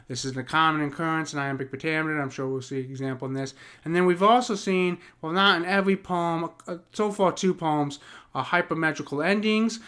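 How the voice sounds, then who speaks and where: A man teaching poetic meter in an unscripted explainer, pausing with many ums and restarts as he works through ideas. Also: on the high side, sharp tone, smooth. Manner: taps out rhythms aloud as da-dum. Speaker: poetry teacher.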